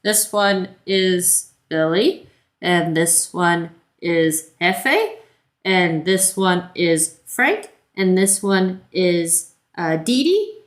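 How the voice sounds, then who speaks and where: Woman player, tabletop game, playful, excitable, slow lively voice. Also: on the low side. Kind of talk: playing a tabletop game in character.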